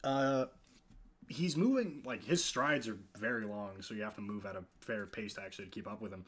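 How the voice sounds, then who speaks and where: A man's voice: fairly low pitch, normal speed, husky. A man narrating a tabletop game as game master, hesitant and full of filler words.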